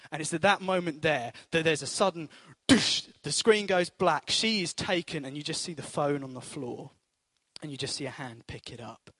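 A man's voice: a little high, normal speed, fairly bright tone, breathy edge, dry recording. A man preaching a sermon to a congregation in a church, earnest and storytelling, with bursts of energy.

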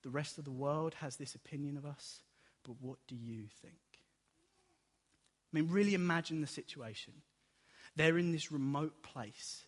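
A man preaches a sermon and acts out the story as he tells it. His voice sits a little high, and it rings with the long reverb of a large hall. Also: normal speed. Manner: animated storytelling, acts out dialogue.

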